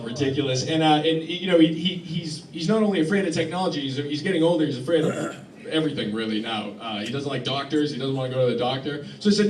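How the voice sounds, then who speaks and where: A man performing a deadpan stand-up set in a club, halting and restarting often, recorded by a phone in the crowd. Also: mid-range voice, echoey room, far from the mic, a little hiss or hum. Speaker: stand-up comedian. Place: club hall with live audience laughing.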